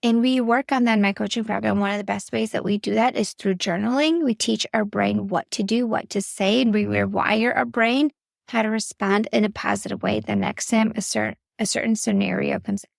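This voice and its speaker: A woman's voice: mid-range voice, steady tone, brisk, creaky, no echo, studio quality. A woman podcast host and parenting coach giving earnest, faith-based coaching talk straight to the listener. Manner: earnest, instructive, addresses listener directly.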